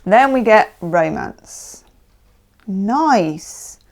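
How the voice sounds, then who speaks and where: A woman's voice: mid-range voice, animated, very slow. Chatty woman giving a tarot reading. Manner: chatty, emphatic, often adds "okay?". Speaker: tarot reader. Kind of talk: casual tarot reading monologue.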